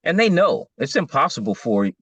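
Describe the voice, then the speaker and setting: A man's voice: medium pitch, very animated, a little fast, fairly bright tone, slightly rough. A man in casual discussion as co-host, talking emphatically, his voice rising when he is stirred.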